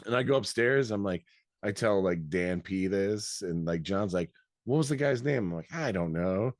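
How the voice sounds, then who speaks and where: A man's voice: low-pitched, animated, moderate pace, dry recording, clean studio sound. A man from Michigan, co-host of a podcast, telling a rambling anecdote in casual chat and acting out the quotes.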